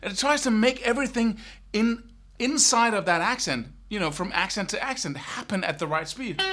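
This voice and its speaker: A middle-aged man teaching guitar, talking in an animated way and scatting riffs with syllables. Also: sits high, moderate pace. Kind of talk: spoken guitar lesson.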